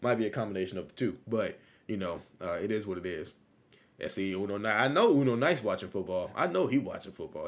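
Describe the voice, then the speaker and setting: A man hosting a casual livestream, talking loosely and repeating his phrases, still low on energy after an illness. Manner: loose, rambling, repeats phrases, laughs easily. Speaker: livestream host.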